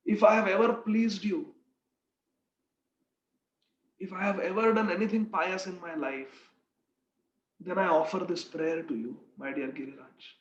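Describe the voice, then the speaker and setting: A man's voice: high-pitched, fairly even intonation, unhurried, pauses often, a little hiss or hum. A man voicing an anxious praying mother. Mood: pleading. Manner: pleading, tender. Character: anxious loving mother praying for her son. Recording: echoey room, dull lo-fi sound.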